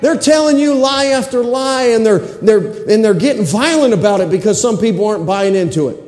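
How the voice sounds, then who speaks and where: A high-pitched male pastor preaches in a rhythmic, repeating cadence. His voice is mellow rather than bright, carrying with a long reverb through a roomy church sanctuary. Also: expressive, fairly quick, hardly any pauses. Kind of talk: sermon. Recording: echoey church hall.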